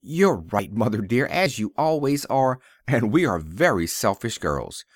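A man doing a bright, eager young woman. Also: mid-range voice, sing-song, a little slow, no room sound, studio quality.

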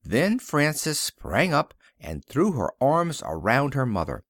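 A male audiobook narrator reading an old-fashioned story. His delivery is expressive, his pitch rising and falling freely at a middle height. The recording is dry and close. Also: takes it slowly, few pauses, dry recording. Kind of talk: scripted narration.

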